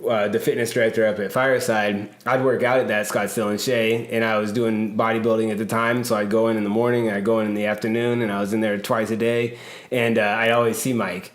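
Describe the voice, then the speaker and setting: A man's voice: lowish voice, flat delivery, fast. A man hosting a casual podcast, telling a long story with lots of fillers and laughs. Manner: rambling, laughing, many fillers. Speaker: podcast host and personal trainer. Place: gym or studio room. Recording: echoey room.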